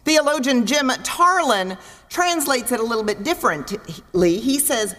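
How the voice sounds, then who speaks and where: A woman preaching a sermon in a church, expressive, acting out voices and asking her listeners questions. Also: fairly high pitch, unhurried. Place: church sanctuary. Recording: long reverb in a large hall.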